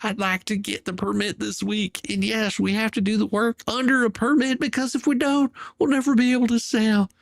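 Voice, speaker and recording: A man reading out a pleading message in a high, mocking voice, playing a whiny woman begging for money. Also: flat delivery, a little fast, vocal fry, few pauses.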